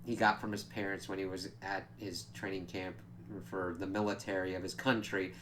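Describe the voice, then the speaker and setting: A man's voice: low-pitched, level tone, normal speed, a bit bright, a little hiss or hum. A man giving a casual, rambling spoken review of a TV episode, with loose asides and frequent fillers.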